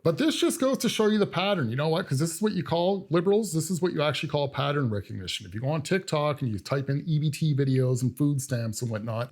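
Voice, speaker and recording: A man's voice: fairly high pitch, a little mellow. A man hosting a reaction commentary, lecturing his viewers directly. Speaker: commentary host.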